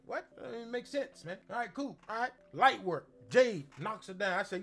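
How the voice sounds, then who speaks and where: A man's voice: high-pitched, brisk, hardly any pauses, a bit bright. A man giving a casual, slangy recap of a wrestling show as host, acting out quotes in exaggerated voices.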